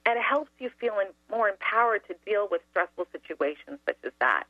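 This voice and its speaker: A woman's voice: mid-range voice, a little fast, no room sound. Woman guest telling a story on a call-in show, voice jumps all over, thin phone sound, no room at all. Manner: lively storyteller, laughs often. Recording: dry tinny phone line.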